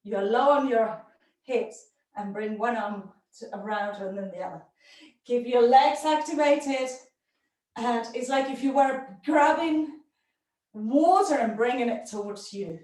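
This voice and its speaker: Leading a live yoga class that feels like a workout, a woman with a high, slightly mellow voice gives short, upbeat commands for breathing and poses. She takes her time, moving with the students as she speaks, and the distant mic picks up a heavily echoing room.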